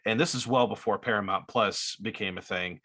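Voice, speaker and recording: A man's voice: on the low side, brisk, bright, forceful tone. A man hosting a podcast, eagerly setting up questions for his guests as a fan. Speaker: podcast host. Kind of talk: casual podcast interview.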